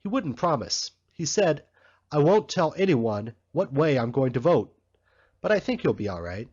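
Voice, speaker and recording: Man doing a tired easygoing canvasser, husky, muffled sound. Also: a little high, very animated, moderate pace, darkish tone. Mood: weary. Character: weary young male canvasser. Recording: slightly muffled recording.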